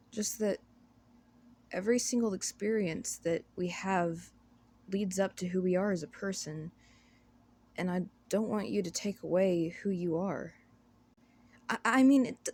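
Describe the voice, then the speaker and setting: A woman voicing a shy, gentle androgynous elf companion in a whispered role-play, hesitant and stammering, often apologizing. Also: mid-range voice, gravelly, breathy edge.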